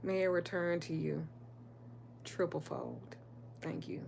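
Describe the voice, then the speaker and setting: A woman's voice: low-pitched, slow pace, creaky, a little mellow, a little hiss or hum. A middle-aged woman, telling personal stories in a candid, emphatic way on a casual livestream, and swearing freely. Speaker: spiritual reader and livestream host.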